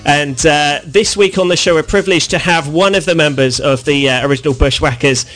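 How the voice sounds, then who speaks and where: A man's voice: on the high side, brisk, a bit bright, soft background music. A man hosting a wrestling radio show, upbeat and full of fillers as he interviews a guest. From United Kingdom. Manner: upbeat, many uh and you know fillers.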